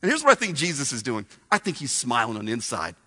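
Male preacher, sermon, very animated pitch, long hall reverb. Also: quick pace. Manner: animated storytelling with asides to the congregation.

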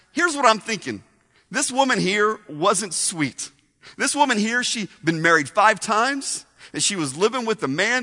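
Animated high-voiced male preacher. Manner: animated storytelling with asides to the congregation. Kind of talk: sermon. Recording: long hall reverb.

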